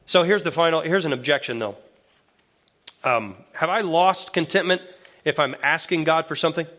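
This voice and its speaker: A male associate pastor delivering a sermon in a relaxed, conversational way. His voice sits a little higher than most men's. He grows lively and more emphatic when he reads scripture aloud. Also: moderate pace.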